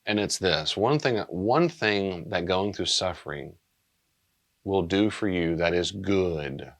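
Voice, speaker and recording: Low-voiced, subdued man teaching as pastor. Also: takes it slowly. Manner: earnest, plain-spoken, subdued.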